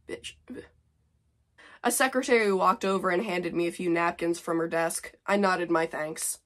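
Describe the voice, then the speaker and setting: A woman's voice: on the low side, moderate pace. Woman in her twenties, sarcastic vlogger reading old fanfic, self-mocking. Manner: sarcastic, exasperated, laughing at herself.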